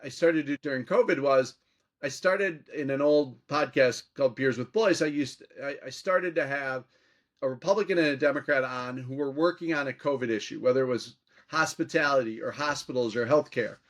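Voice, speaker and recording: A man's voice: mid-range voice, fairly quick. A man from Minnesota, a political commentator, telling anecdotes as a podcast guest and acting out quoted exchanges. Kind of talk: storytelling interview talk.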